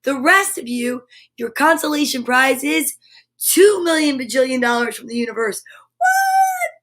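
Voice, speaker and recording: A woman hosting a live comedy stream chats with viewers and reads their comments aloud in a bubbly, exclamatory way. Her voice is high and a bit bright, at a moderate pace.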